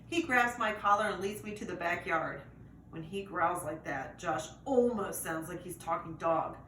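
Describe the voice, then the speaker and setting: A woman reading a chapter book aloud to children in a lively way, pausing to ask the listeners questions. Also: mid-range voice. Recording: roomy echo, distant mic, faint noise.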